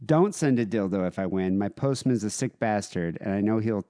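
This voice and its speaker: A man's voice: fairly low pitch, normal speed, no echo, clean studio sound. A man co-hosting a casual podcast, reading listener emails aloud. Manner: reads emails aloud with lively, shifting delivery. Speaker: podcast co-host.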